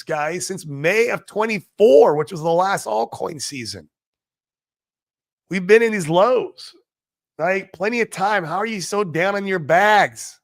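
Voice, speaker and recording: A man hosting a casual livestream, talking brashly and excitedly, swearing and answering viewers in the chat. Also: sits high, creaky, no echo, studio quality. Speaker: livestream host.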